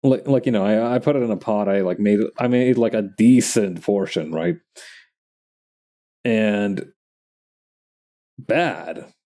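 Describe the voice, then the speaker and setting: A man chatting loosely in a low, mellow voice. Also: slow, pauses often. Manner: chatty, full of likes and restarts, laughs at himself. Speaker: streamer drawing live. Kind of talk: casual rambling chat while drawing.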